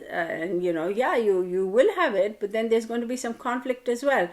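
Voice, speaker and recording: A woman giving a casual tarot card reading to camera, chatty and animated, playfully scolding her viewers. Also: mid-range voice, moderate pace, hardly any pauses. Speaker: tarot reader.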